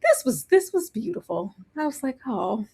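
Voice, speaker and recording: A woman co-hosting a casual live recap chat, expressive and emphatic, often laughing as she talks. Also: sits high, normal speed, slightly rough. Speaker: co-host.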